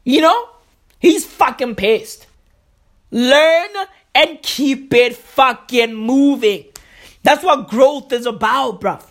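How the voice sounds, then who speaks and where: A woman in a profane comedic rant, with a fairly high voice. She talks in loose slang and piles on fillers. She restarts her sentences often. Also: slow.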